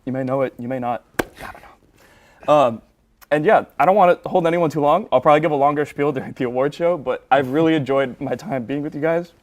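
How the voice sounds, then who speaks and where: A man's voice: a little high, fast, a little mellow. A young man, a graduating student on a sports show, giving an impromptu farewell while trying not to cry. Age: young adult. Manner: emotional, fighting back tears.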